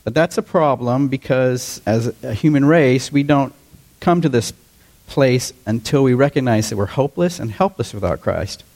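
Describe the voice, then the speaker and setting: A man in his fifties preaching a sermon to his congregation in a relaxed, conversational way, often asking them questions. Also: medium pitch, normal speed. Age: 50s. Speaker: pastor.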